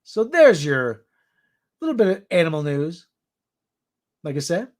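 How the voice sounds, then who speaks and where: A man's voice: on the high side, sing-song, measured pace, darkish tone. A man from the New area, hosting a casual news roundup in a rambling way with jokey asides. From New York area. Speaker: show host.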